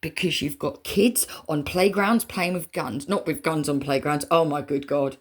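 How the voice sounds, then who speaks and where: A woman's voice: low voice, moderate pace. A woman in an emotional monologue spoken straight to her listeners, intense and swearing, sometimes dropping to a whisper. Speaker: spiritual reader. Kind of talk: emotional direct-to-camera monologue.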